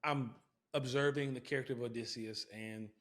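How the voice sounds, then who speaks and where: A man's voice: medium pitch, fairly even intonation, moderate pace, a bit bright. A man hosting a casual movie review chat, talking reflectively and building to emphatic bursts. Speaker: podcast host.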